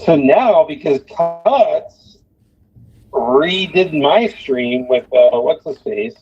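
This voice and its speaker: A man hosting a livestream in casual banter, talking slowly with lots of swearing and laughter. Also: fairly high pitch, animated, muffled recording, faint music behind. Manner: slow, laughing, profane. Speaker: livestream host.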